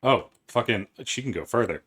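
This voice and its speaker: Man, game master, tabletop game, lowish voice, bright tone, brisk rule calls. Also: lively intonation, breathy edge. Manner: brisk, works out movement rules aloud.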